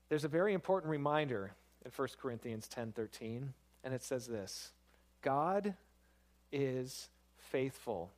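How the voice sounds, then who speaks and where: Pastor, male, slightly higher voice; conversational sermon delivery that leans into emphasis. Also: a little mellow. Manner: conversational, storytelling with rising emphasis.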